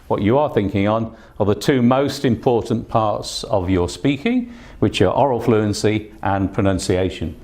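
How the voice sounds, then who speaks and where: A man's voice: fairly low pitch, normal speed, few pauses, a little mellow. A man teaching an online English speaking test lesson, patient and encouraging, with frequent fillers as he explains.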